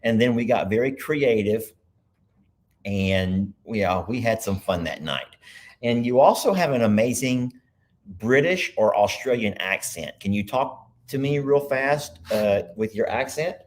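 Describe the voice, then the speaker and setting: A man hosting a casual livestream from his computer, chatting loosely and thinking out loud as he goes. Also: lowish voice, animated, a little slow. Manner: rambling, chatty, thinks aloud. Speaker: livestream host. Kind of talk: casual live chat.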